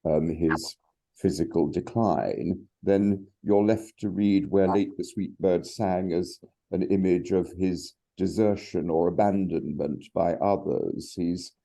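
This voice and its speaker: A man's voice: sits low, fairly even intonation, slow, vocal fry, warm tone. A man in a poetry discussion group, offering a careful reading with many hesitations. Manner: hesitant, many ums, long careful sentences.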